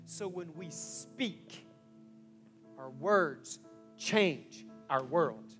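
Male pastor, sermon delivery, pitched high, animated storyteller, faint music underneath. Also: very slow. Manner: animated storytelling, swinging from hushed to loud exclamations.

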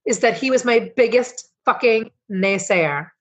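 A middle-aged woman, a coach and founder, telling personal stories as a podcast guest, emotional and swearing freely as she rambles with quick restarts. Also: a little high, lively intonation, dull audio. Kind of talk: candid storytelling interview.

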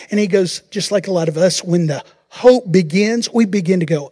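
A male pastor with a high-pitched, husky voice preaches a sermon at a moderate pace. He tells the story in an animated way, acting out the quotes.

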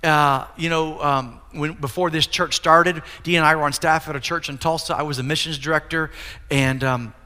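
A man's voice: on the high side, fairly even intonation, moderate pace, sharp tone. A middle-aged man preaching a candid, earnest sermon as pastor of his church, building to emphatic peaks. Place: church sanctuary. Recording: long hall reverb.

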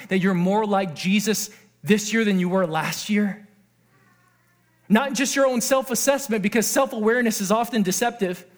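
Male pastor with a high voice, earnest sermon delivery, moves between quiet and animated passages. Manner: earnest, swings from hushed to excited.

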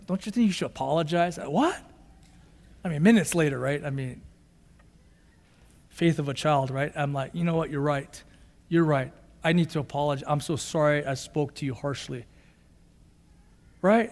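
High-voiced pastor preaching in a reverberant hall. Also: male voice. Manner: conversational preaching, acts out quotes, repeats lines for emphasis. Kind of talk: sermon. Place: church sanctuary. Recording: long church reverb.

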